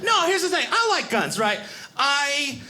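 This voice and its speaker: High, lively stand-up comedian. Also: male voice. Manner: animated, acts out other people in quick voices. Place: stage before a live audience. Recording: live club recording with audience noise. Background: audience laughter.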